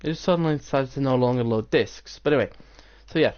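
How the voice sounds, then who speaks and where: A man's voice: medium pitch, quick pace, a little mellow, lo-fi sound. A teenage boy, chatting casually and rambling while playing a game, with many "like"s. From England. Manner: rambling, storytelling with lots of "like". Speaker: gaming channel host. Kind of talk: casual gameplay chat.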